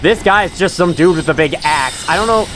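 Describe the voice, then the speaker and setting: A man's voice: a little high, expressive, fairly quick, fairly bright tone, soft background music. A man hosting a gaming channel, giving rambling, self-mocking let's-play commentary and chuckling to himself as he plays.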